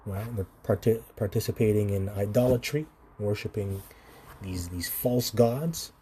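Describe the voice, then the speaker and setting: A man's voice: on the low side, a little slow, dark tone, a little hiss or hum. A man reading Bible verses aloud and commenting on them in an informal sermon style, often laughing and calling the listener "man". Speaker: scripture teacher.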